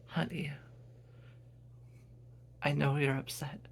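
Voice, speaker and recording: Brief: man doing a gentle, firm wife urging her husband on, soft and slow. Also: fairly high pitch, flat delivery, vocal fry, slightly rough, full character voice. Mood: soothing. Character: loving wife, soothing and firm.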